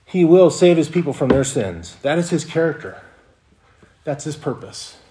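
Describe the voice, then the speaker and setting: A man's voice: fairly high pitch, very animated, moderate pace, warm tone, a little hiss or hum. Earnest male pastor preaching a sermon. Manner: earnest, repeats words and restarts phrases.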